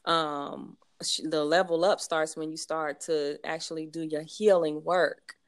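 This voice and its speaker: A woman's voice: deep voice, little pitch movement, measured pace. A woman hosting a podcast, talking reflectively about healing and the law of attraction. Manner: reflective, spiritual talk. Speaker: podcast host. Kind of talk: podcast conversation.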